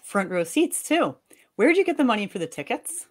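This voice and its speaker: A woman's voice: on the high side, very animated, normal speed. A woman in a live reading, voicing an angry, sarcastic wife and mother scolding her husband. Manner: sharp, sarcastic.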